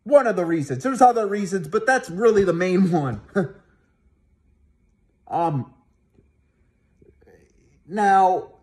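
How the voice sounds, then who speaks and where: A man's voice: high-pitched, animated, slow pace, pauses often, a little mellow. A man ranting angrily and profanely as a sports fan vlogger, talking heatedly to his viewers with frequent restarts. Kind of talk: angry fan rant to camera.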